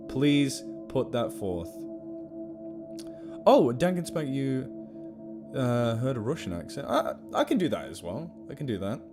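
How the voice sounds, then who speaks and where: Guy, casual stream chat, giggly, rambling, faint music behind. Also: mid-range voice.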